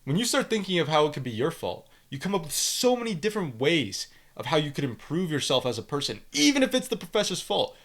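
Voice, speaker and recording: A young man with a Canadian accent, hosting a podcast and reading student reviews aloud with blunt, animated commentary. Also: a little high, brisk, few pauses. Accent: Canadian English. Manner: blunt, animated, lectures with emphasis. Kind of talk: opinionated solo commentary.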